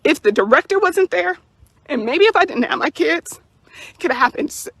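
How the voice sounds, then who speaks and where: A woman's voice: high-pitched, animated, normal speed, fairly bright tone, no echo. A young woman telling her own story to the camera, indignant and emphatic, repeating words for stress. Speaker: mother recounting a police encounter. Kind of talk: personal account to camera.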